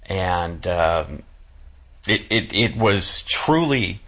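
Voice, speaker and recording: A man talking as a guest in casual chat, halting and full of restarts, close to tears. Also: deep voice, expressive, a bit bright, breathy edge. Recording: dull lo-fi sound.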